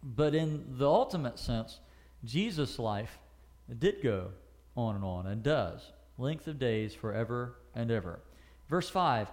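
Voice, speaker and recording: A man teaches a Bible passage verse by verse, reading scripture slowly and asking his listeners questions. He uses frequent fillers and corrects himself often, speaking in an animated mid-range voice.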